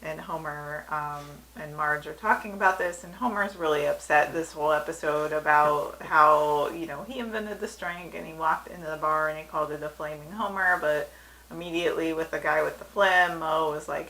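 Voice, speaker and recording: A woman co-hosting a casual episode review, retelling scenes with animated bits of acted-out dialogue. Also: low-pitched, normal speed, poor audio. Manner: animated retelling, acting out quoted lines. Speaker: podcast co-host.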